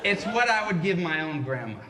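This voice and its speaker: A man telling a comedic story live in a conversational, unhurried way, with many fillers. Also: high voice, big pitch swings, very noisy. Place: library event room. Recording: echoey library room.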